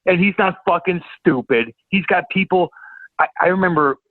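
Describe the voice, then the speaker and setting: A man's voice: high-pitched, moderate pace, dry recording. A man from St. Louis, a former hockey enforcer telling stories as a podcast guest, profane and stammering with repeated words. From St. Louis, USA. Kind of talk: casual chat, storytelling. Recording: tinny phone-like line, dry.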